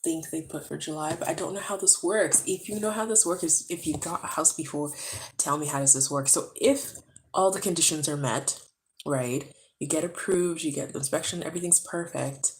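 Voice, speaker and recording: A tired woman vlogging from home, chatting to the camera in a hushed, low voice so she does not wake a sleeping baby. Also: moderate pace, slight background noise, rough recording. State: tired from being awake too long. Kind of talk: casual chat to camera. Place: home, indoors. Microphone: camera close up.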